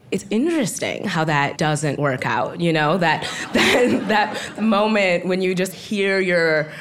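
A woman's voice: on the low side, fairly bright tone. A woman in her thirties from Wisconsin, telling a personal story live at an open mic in a chatty way and laughing often between phrases.

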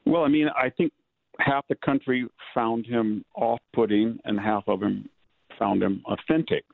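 Gravelly low man on a phone line. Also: fairly even intonation, dry recording. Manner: measured, talks in long lists of examples. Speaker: guest commentator. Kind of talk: political interview over the phone. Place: home in rural California. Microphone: telephone.

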